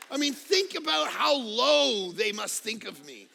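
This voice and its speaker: A middle-aged man preaching a sermon as pastor, telling jokey family stories and swinging from quiet asides to near-shouting. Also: high-pitched, expressive, unhurried, vocal fry. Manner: casual, joking storyteller. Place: church auditorium.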